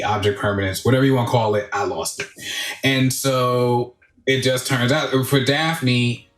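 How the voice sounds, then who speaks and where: Chatty host guy, kinda low voice, thinks out loud, echoey room with soft music. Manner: chatty, thinks aloud with many restarts. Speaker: podcast host. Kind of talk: casual conversation.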